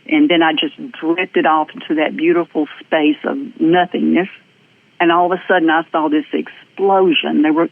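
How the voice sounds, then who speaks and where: A middle-aged woman with a Southern US accent, a guest telling her personal story with earnest, lively energy and frequent fillers. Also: low-pitched. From American South. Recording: tinny phone-like audio.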